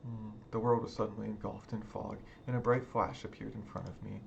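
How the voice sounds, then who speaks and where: A man's voice: fairly low pitch, level tone, fairly quick, vocal fry, lo-fi sound, a little hiss or hum. A man reading a visual novel aloud in a subdued, brooding first-person voice. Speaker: game let's-player. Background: game music.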